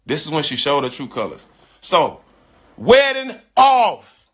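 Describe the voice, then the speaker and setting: A middle-aged man telling a personal story in casual, slangy speech, animated and emphatic, often repeating his phrases. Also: medium pitch, moderate pace, husky. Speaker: storyteller on a live stream.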